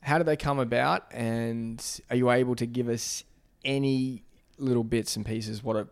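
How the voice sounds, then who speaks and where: Gravelly man hosting a podcast. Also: medium pitch, fairly even intonation. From Australia. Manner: halting, restarts phrases, many fillers. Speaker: podcast host. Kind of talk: casual interview chat.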